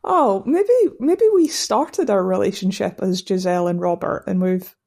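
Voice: medium pitch, moderate pace, creaky, darkish tone. A speaker chatting casually about a film, arguing wry points in a dry way. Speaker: podcast co-host discussing a film. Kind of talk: casual chat.

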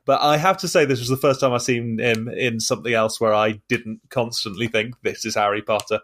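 A man's voice: medium pitch, fairly even intonation, brisk, a bit bright. Man, podcast host, casual chat, laughs easily.

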